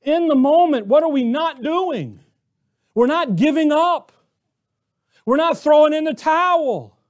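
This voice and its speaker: High-voiced man preaching with rhetorical questions. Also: expressive, a little slow. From Arizona, US. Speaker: pastor. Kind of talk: sermon.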